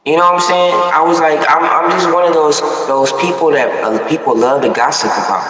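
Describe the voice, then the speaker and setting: A man's voice: on the high side, fairly quick, hardly any pauses, a bit bright. Young man, youthful childlike voice, rambling and frank, distant mic, echoey. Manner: rambling, frank, repeats "you know what I'm saying". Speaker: vlogger. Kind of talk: casual personal monologue. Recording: echoey room, far from the mic.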